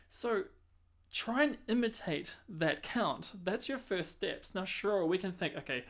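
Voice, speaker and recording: A man's voice: fairly high pitch, unhurried, noisy background. Man teaching, counting rhythms aloud. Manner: explains patiently, counts and sings rhythms aloud. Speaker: saxophone teacher. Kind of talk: music lesson explanation.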